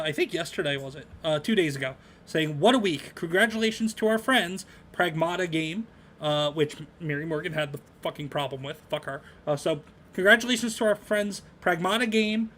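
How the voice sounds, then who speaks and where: A man co-hosting a casual podcast about games, with a bright, forward voice. He rambles and fills gaps with um and uh. His pitch sits a little high for a man. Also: slight background noise. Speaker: podcast co-host.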